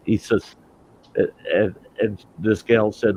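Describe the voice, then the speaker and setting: A man hosting a casual online chat, telling long jokes and jumping into loud, high voices for the characters. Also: moderate pace. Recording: dull lo-fi audio with faint noise.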